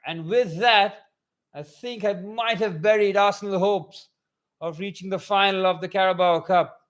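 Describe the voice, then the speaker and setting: A young man gives excitable live match commentary for a fan watchalong, shifting from calm play-by-play into loud bursts. His voice sits high and runs at a normal speed.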